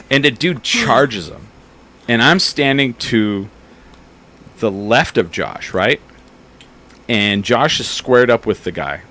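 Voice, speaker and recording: Guy in his 30s telling crazy bar stories, lots of swearing, kinda low voice. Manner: profane, animated storyteller acting out bar fights. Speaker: podcast host. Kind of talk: casual storytelling chat.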